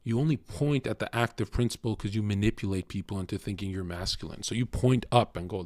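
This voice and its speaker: A man's voice: lowish voice, fairly quick, hardly any pauses, a little mellow, no room sound, clean studio sound. A young man streaming and lecturing his chat in a crude, cocky, swearing monologue. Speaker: livestreamer talking to chat. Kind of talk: casual blunt stream monologue.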